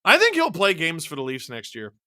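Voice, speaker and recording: Running a live watch-along, this male host calls the action, yelps when big plays land, and keeps up jokey chatter with his chat. His pitch sits fairly high and his pace is a little quick, on a dry, clean studio recording.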